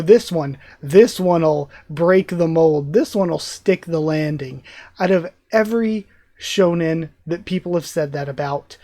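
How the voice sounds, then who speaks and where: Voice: mid-range voice, warm tone, no echo. Host reacting live to manga, earnest and fired up, dry close sound. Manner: earnest, enthusiastic fan commentary. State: emotional, tearing up. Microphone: facing camera, close mic.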